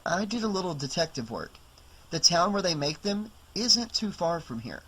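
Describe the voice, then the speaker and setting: A woman's voice: fairly low pitch, very animated, normal speed, fairly bright tone, slightly rough, heavily acted, low-quality recording. A man reading an audiobook, voicing a determined, defensive young woman who talks in clipped, insistent bursts.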